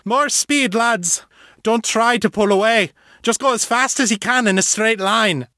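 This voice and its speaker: A man voicing a young male wizard who cries out urgently in a high, strained voice. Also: unhurried, pushed and bright, no echo, studio quality.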